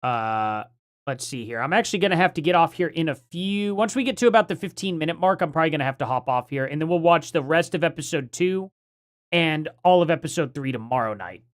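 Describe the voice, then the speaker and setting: A man hosts a live reaction stream, musing aloud in a halting way full of fillers. His voice sits slightly high for a man. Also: animated. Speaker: livestream host.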